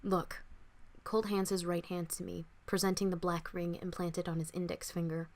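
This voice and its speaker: A young woman, an author, reading her own fiction aloud in an expressive, dramatic first-person audiobook style. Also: fairly low pitch, a little fast.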